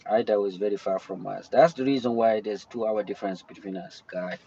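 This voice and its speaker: A man's voice: fairly low pitch, brisk, creaky, warm tone, breathy edge, highs cut off. A young man hosting a casual livestream, rambling and breaking off to greet viewers in the chat. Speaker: livestream host. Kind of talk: casual live-stream chat. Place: in or near his car.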